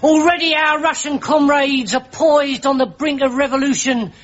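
A dim earnest private. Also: male voice, very high voice, steady tone, moderate pace, dull audio. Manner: dim earnest sir-peppered talk. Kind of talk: sitcom acting before an audience.

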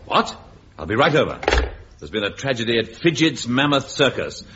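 A man leading an old radio comedy as a police captain, with a brisk, dry deadpan delivery. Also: medium pitch, background noise. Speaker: lead comic playing a police captain. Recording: dull old radio recording, loud studio audience.

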